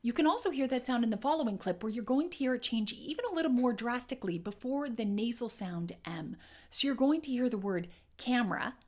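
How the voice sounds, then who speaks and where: A woman's voice: fairly high pitch, expressive, brisk. A woman teaching an accent lesson, modeling and repeating sounds as she explains. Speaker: dialect coach.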